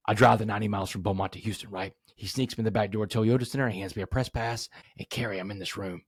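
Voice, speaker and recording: A man in his forties, a podcast guest, telling his story emphatically and rising to animated peaks. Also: lowish voice, very fast, few pauses, breathy edge, dry recording, studio quality. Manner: addresses host directly, asks rhetorical questions. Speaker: podcast guest, motivational speaker.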